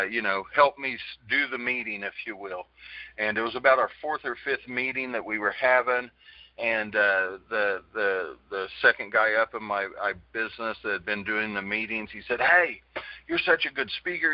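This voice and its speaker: Host, male, middle pitch, earnest rambling storyteller, dry lo-fi radio sound. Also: no room sound. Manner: rambling, earnest, many fillers and restarts. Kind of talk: casual storytelling after a book reading.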